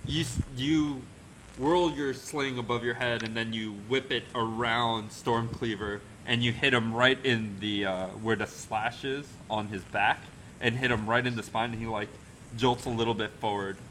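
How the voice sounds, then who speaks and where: A man's voice: medium pitch, fairly even intonation, normal speed, a bit bright, a little hiss or hum, rough recording. A man narrating as game master in a casual, rambling way, with the odd chuckle.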